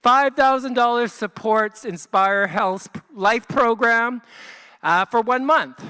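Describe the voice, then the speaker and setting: A gala fundraiser host works the room of guests live on a handheld mic, his very high voice pushed and bright but clean. He keeps things upbeat and rousing, drawing out each paddle number in slow calls and naming the donation amounts during the paddle raise.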